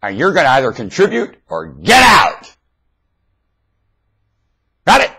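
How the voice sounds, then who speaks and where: A man talking into a webcam in a rambling, blunt monologue, swinging between loud emphatic outbursts and low mutters. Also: huge pitch swings, unhurried, slightly rough. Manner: blunt, confrontational. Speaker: webcam video maker. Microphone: webcam microphone.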